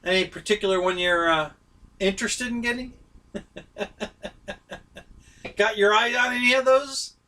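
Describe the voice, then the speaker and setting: A man hosting a live stream, chatting casually with his viewers, easygoing and quick to laugh. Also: high-pitched, sharp tone, distant mic. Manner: easygoing, laughs often, chats with viewers by name.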